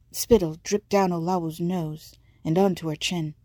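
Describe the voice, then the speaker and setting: A woman reading a story aloud in a measured, vivid narrating manner. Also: lowish voice, steady tone, warm tone, no echo. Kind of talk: scripted audiobook narration.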